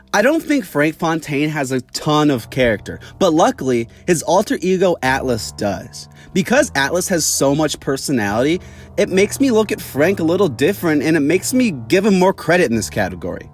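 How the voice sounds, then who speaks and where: A young man hosting a casual video review, his voice sitting fairly high. He talks in a chatty, opinionated way, with light music playing behind him. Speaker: YouTube villain reviewer.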